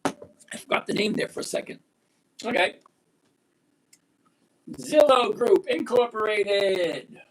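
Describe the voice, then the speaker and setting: A man in his sixties hosting a live stock-trading chat, blunt and emphatic, repeating key points slowly. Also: high-pitched, lively intonation. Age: 60s. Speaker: livestream host.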